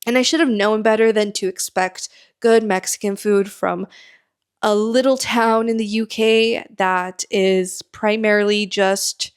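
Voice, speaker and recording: A woman's voice: mid-range voice, clean tone. Chatty young American woman podcaster. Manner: chatty and candid, with quick asides. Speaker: podcast host. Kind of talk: casual solo storytelling.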